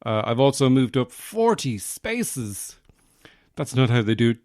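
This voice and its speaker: A man hosting his own podcast, rambling through a deadpan comic monologue full of mock bragging and fillers. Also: mid-range voice, normal speed, faint music behind. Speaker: podcast host, comedian.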